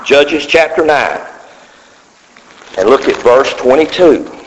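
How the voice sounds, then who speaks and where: A man preaching a sermon, dropping to low murmurs and rising to shouted cries. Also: expressive, slow pace. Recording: muffled hall recording.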